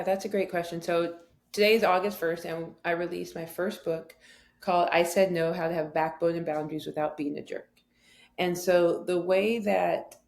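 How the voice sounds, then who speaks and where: A woman's voice: lowish voice, darkish tone. A woman guest on an interview show, telling a story animatedly and acting out both sides of a conversation. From southwestern United States, near the Mexican border. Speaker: guest, author and speaker.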